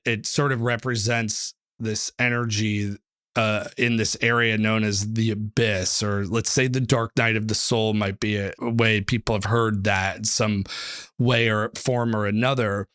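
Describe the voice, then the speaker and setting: A man, a numerology author and teacher, talking as a guest in a casual interview and telling stories with lively acted-out quotes. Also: on the low side, no room sound, clean studio sound. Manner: animated storyteller, acts out quotes, many fillers.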